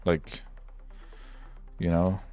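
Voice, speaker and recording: A young man hosts a livestream, chatting while he works in a loose, rambling, profane way. His voice is low and dark, with a completely flat delivery and drawn-out words.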